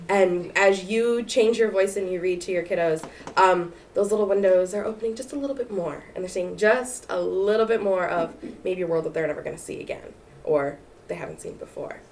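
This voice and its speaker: A woman's voice: on the low side, fairly quick. Chatty woman speaking on a panel. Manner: lively, chatty, with fillers. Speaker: panelist speaking to future teachers. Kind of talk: casual panel talk. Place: lecture room at a library event. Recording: distant room mic with faint hiss.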